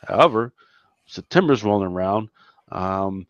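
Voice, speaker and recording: A man's voice: on the low side, moderate pace, no echo, dull audio. A man from Philadelphia co-hosting a casual chat, talking loosely and emphatically, tossing in "man" and "right?" often. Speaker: podcast co-host.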